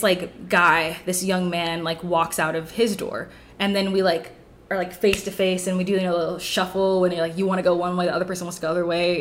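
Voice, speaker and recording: Guesting on a podcast, a young adult woman with a lowish voice rambles through a story, constantly leaning on "like" as filler. There's a little hiss or hum in the audio.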